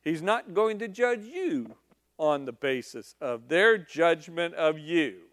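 A male preacher delivering a sermon in an emphatic, conversational storytelling style. His voice sits high and his pace is slow and deliberate. The sound is close and dry. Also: animated, fairly bright tone, no room sound.

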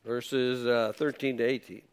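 Here a preacher teaches through a relaxed, conversational sermon, reading scripture aloud before recasting it in everyday terms. His voice is medium-pitched and smooth, with fairly even intonation and an unhurried pace.

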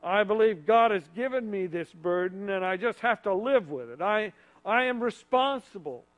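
A man's voice: sits high, expressive, normal speed, fairly bright tone. A man in a sermon acting out a troubled middle-aged father of a sick boy, speaking plainly. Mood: resolute.

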